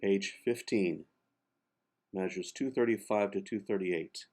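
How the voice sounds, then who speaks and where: Slow, careful man coaching pronunciation. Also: low voice, a little mellow. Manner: slow, careful, spells out sounds and repeats words syllable by syllable. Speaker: diction coach. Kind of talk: pronunciation lesson for singers.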